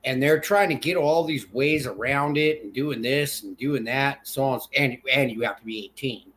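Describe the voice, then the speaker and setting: A man co-hosting a casual political chat, rambling and halting with many fillers and restarts. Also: medium pitch, a bit bright, a little hiss or hum. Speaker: podcast co-host.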